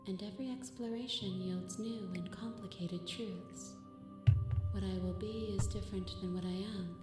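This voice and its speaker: A solemn, otherworldly princess-goddess voiced by a woman speaks in slow, poetic lines with a mid-pitched voice. Her voice rings through a roomy echo over loud game music. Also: lightly acted. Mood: reflective. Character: shifting cosmic goddess princess, calm and introspective. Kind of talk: game dialogue.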